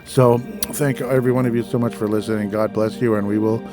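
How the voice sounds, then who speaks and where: A man's voice: fairly low pitch, fairly even intonation, fairly quick, music in the background. A man hosting his own political podcast, talking loosely and rambling, with many fillers and small apologies. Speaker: podcast host. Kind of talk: casual political podcast monologue.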